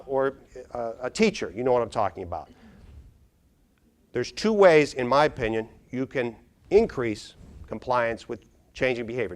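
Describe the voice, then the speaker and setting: A middle-aged man, a neuropsychologist, giving an animated conference keynote, quizzing the audience and acting out little scenes. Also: mid-range voice. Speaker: neuropsychologist speaker. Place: large conference hall.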